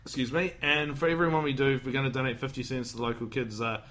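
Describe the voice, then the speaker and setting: A man's voice: medium pitch, fairly even intonation, fast talker, a bit bright. A man hosting a podcast, rambling and joking in casual chat, acting out lines from a movie. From Australia. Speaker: podcast host.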